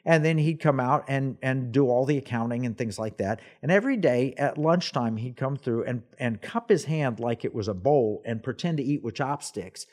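A man hosting a faith talk show, telling a personal story in an animated way and acting out the people in it. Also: medium pitch, moderate pace, hardly any pauses. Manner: animated storyteller, acts out quoted voices. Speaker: host. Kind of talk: casual storytelling chat.

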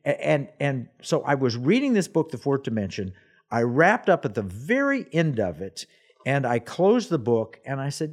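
A man hosting a faith talk show, telling a personal story in an animated way and acting out the people in it. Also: medium pitch, moderate pace. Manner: animated storyteller, acts out quoted voices. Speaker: host. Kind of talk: casual storytelling chat.

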